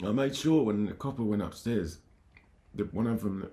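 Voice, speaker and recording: A man hosting his own channel, telling a painful personal story in a halting, emotional way, full of restarts. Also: on the low side, dark tone. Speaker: channel host.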